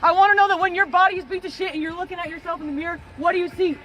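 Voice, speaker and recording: A woman football coach giving a pregame motivational speech, hoarse and losing her voice, firing intense rhetorical questions. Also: very high-pitched, fairly even intonation, rapid-fire, a bit bright.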